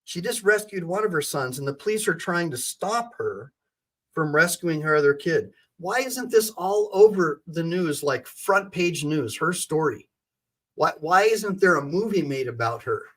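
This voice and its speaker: A man's voice: fairly high pitch, animated, a little slow, fairly bright tone. A man hosting a livestream as an attorney, giving emphatic, indignant commentary and calling on his chat for reactions.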